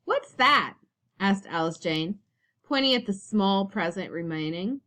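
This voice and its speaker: A woman teacher reading a children's picture book aloud, expressive and storytelling. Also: medium pitch, moderate pace.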